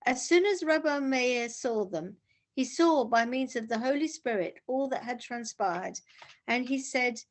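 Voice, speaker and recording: A woman reading a story aloud to a class at a measured, even pace. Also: fairly high pitch. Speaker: reader of a text.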